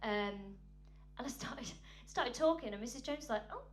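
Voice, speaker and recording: A woman's voice: fairly high pitch, normal speed. A woman telling a stand-up comedy story in a chatty, self-mocking way, with lots of ums. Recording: steady hum in the background.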